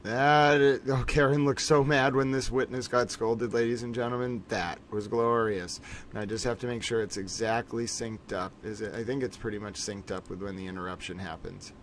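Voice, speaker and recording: A man's voice: mid-range voice, fairly even intonation, fairly quick, few pauses, a little hiss or hum. A man hosting a casual livestream, chatting playfully and theatrically with his viewers. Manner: playful, theatrical, repeatedly addresses viewers as ladies and gentlemen. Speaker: livestream host.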